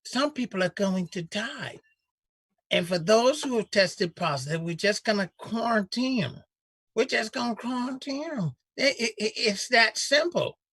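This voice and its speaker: A man doing an impression of a folksy older male senator with a slow, exaggerated Louisiana Southern drawl. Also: high-pitched, animated, a bit bright, breathy edge, no room sound, clean studio sound, voice pushed up, full character voice. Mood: folksy, callous.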